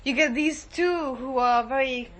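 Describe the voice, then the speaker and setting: A woman's voice: high voice, unhurried, a bit bright. A woman who moderated a focus group, chatting casually about it and laughing often. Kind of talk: casual debrief chat.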